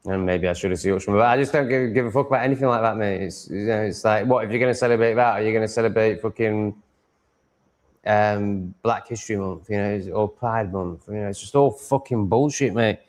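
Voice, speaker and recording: A man talks through a casual live stream from home, answering viewers as he goes. His voice sits a little low. He rambles, swears freely, trips over restarts and chuckles between thoughts. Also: fairly quick. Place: at home with cats on his lap.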